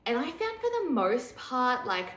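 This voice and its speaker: A young woman, pregnant, chatting casually and candidly to camera, laughing easily and dropping into a hushed voice for asides. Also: sits high, sing-song, a little slow. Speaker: vlogger. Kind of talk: casual pregnancy update chat. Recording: echoey room.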